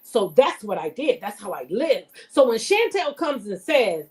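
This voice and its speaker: A woman's voice: fairly high pitch, sing-song, normal speed. A woman vlogger telling stories and commenting in a blunt, profane, emphatic way while talking straight to her viewers. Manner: addresses viewers directly. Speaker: vlogger reacting to reality TV. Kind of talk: casual storytelling commentary.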